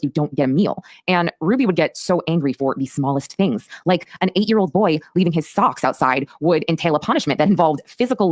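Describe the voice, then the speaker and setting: A woman hosts a true crime recap podcast, talking quickly and emphatically. Her voice sits low but swings widely in pitch. The sound is dry and close. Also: darkish tone, no echo. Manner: fast, emphatic storytelling. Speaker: podcast host.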